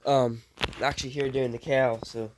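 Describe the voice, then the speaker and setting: A young man with a drawl talks to the camera outdoors at a farm. His voice is still rough from a recent illness. He rambles in a relaxed, folksy way. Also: mid-range voice, normal speed, heavy background noise. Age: young adult. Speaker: outdoors vlogger. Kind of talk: casual chat to camera.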